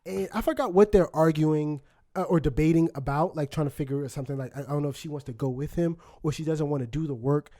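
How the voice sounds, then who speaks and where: A man co-hosting a podcast, telling a story in a casual, animated way with many fillers and laughs. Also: a little high, fast talker. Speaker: podcast co-host. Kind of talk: casual chat. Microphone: studio microphone.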